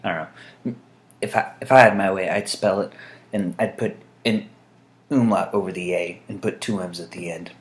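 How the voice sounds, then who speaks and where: A man's voice: low voice, steady tone, normal speed. A man chatting casually to camera in a vlog, meandering and dry-humored, with frequent fillers. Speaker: vlogger. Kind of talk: casual rambling monologue to camera.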